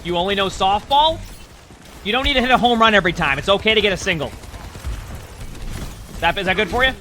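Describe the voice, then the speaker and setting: A man's voice: high voice, expressive, brisk, sharp tone, a little hiss or hum. A man giving casual commentary and coaching tips while he watches a player's match, chatty and repeating himself often. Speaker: streamer coaching a spectated player.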